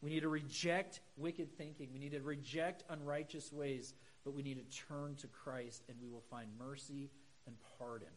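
A middle-aged pastor preaching a sermon in a conversational way, with humorous asides and emphatic high points. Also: male voice, steady tone, moderate pace, a little hiss or hum, rough recording.

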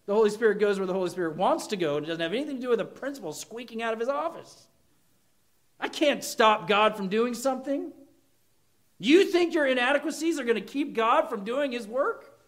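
A man preaching a sermon, animated and emphatic, acting out quoted voices. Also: very high-pitched, fairly quick. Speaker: pastor.

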